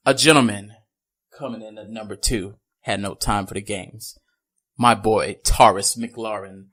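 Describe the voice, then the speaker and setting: A man co-hosting a casual podcast, talking in an animated way, laughing often and slipping into goofy impressions. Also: lowish voice, a little slow. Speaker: podcast co-host.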